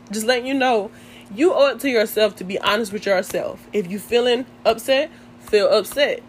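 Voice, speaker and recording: Young woman, casual vlog chat, animated storyteller, slightly high voice, faint hiss behind. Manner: chatty, animated storytelling, addresses viewers as y'all. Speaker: vlogger.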